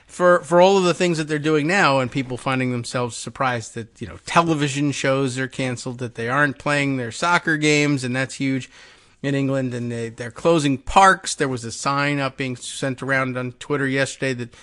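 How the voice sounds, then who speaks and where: Male host, mid-pitched voice, loose rambling morning monologue with lots of uhs. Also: steady tone, moderate pace, fairly bright tone. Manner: rambling, full of uhs and musing asides. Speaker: radio show host. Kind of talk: casual morning talk show monologue.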